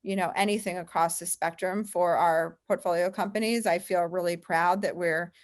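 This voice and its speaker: A woman's voice: fairly low pitch, steady tone, normal speed. A woman guest on an interview, a firm founder, telling stories casually and full of fillers. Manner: chatty, frequent "like" and "um" fillers.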